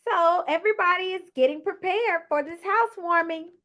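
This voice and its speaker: A woman's voice: extremely high pitch, brisk. A woman casually recapping a reality TV episode, chatty and sassy, often acting out what people said. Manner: animated, acts out cast members' lines.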